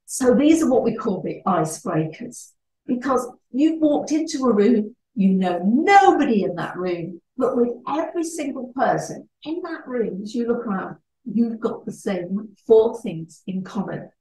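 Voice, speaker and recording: A woman gives a networking training talk with an animated delivery, slipping into short acted-out exchanges. She sits back from the microphone. The room echoes noticeably around her. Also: fairly high pitch, unhurried, a little hiss or hum. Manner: animated, acts out little dialogues. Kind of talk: presentation talk. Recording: echoey room, distant mic.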